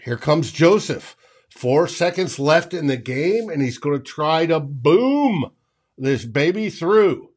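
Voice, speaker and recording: A man's voice: fairly high pitch, animated, husky. A man doing live fan play-by-play of a football game, answering viewers in his chat by name. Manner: slow, drawn-out calling that bursts into shouting on big plays. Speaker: fan livestream host calling the game.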